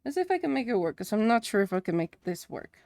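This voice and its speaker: A woman's voice: mid-range voice, big pitch swings, quick pace, a little mellow, no echo, studio quality. A woman streamer chatting casually to herself as she works on a drawing. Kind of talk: casual chat while drawing.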